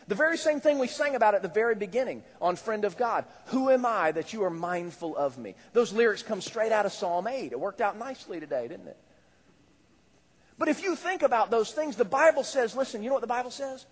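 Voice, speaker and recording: A male pastor preaching a sermon in a conversational, animated way, with rising exclamations. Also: sits high, fairly quick. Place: church hall. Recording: echoey church hall.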